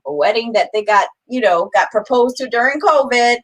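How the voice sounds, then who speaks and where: A woman's voice: on the high side, lively intonation, normal speed, low-quality recording. A woman co-hosting a podcast, chatty and playful in casual talk with her husband. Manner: chatty, playful, laughs often. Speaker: podcast co-host. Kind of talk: casual chat.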